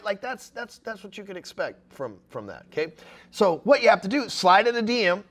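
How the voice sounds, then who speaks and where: A middle-aged man with a high, pushy voice gives a profane sales lesson. He speaks bluntly and acts out sample messages in quick voices. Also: big pitch swings, a bit bright. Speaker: sales coach. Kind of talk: profane motivational sales talk.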